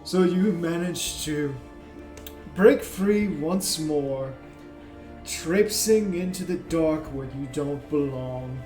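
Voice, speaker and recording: A man voicing a calm, coldly devoted aged archon figure in a tabletop game, speaking in measured proclamations. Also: fairly high pitch, echoey room, faint music behind, low-quality recording. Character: aged male archon, cold and dragon-devoted.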